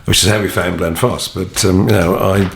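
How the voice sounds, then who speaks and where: A man's voice: deep voice, fairly even intonation, moderate pace, gravelly, echoey room, a little hiss or hum. A man co-hosting a podcast in casual chat, wry and self-deprecating. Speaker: podcast co-host.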